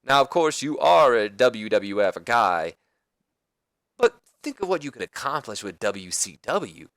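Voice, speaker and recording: A man voicing a smooth-talking veteran male wrestling schemer with a showy, persuasive delivery. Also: medium pitch, big pitch swings, measured pace, a bit bright, no room sound, studio quality.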